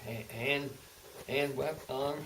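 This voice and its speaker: Indoors at home, an elderly veteran in his 80s recounts war stories for an oral-history interview in a steady, medium-pitched voice. He halts, repeats words and restarts, then picks up speed, all captured by a distant mic with faint hiss.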